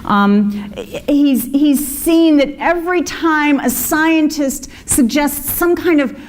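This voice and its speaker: A woman's voice: sits high, takes it slowly. A woman minister giving a conversational sermon, with fillers and asides to the congregation. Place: congregation hall.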